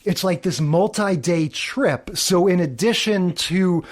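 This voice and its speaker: Male podcast host in his forties, high voice, chatty, self-deprecating. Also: animated, slow pace. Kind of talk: casual podcast chat.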